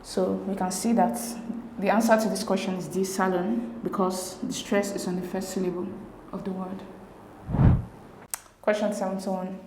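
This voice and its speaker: A woman explaining exam answers as a tutor, reading each option in a measured, methodical way. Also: mid-range voice, warm tone. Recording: roomy echo with faint hiss.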